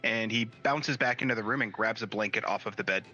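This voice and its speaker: A man playing a tabletop game as a player, calm, gentle and deliberate. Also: lowish voice, muffled recording, faint music behind.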